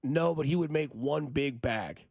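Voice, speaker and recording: A male sports radio host rants and riffs in an animated, teasing way. His voice sits a bit high for a man. The studio sound is close and dry, with no room around it. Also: measured pace, creaky, breathy edge, no echo. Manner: animated, riffing, teasing the listeners. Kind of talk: morning sports talk radio. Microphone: studio mic.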